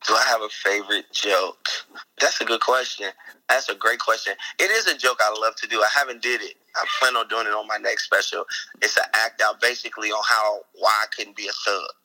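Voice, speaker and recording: Comedian guy in a casual interview, husky tense voice, laughs a lot while telling stories. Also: fairly low pitch, fairly quick, low-quality recording. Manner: animated storyteller who laughs often. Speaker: comedian and actor guest.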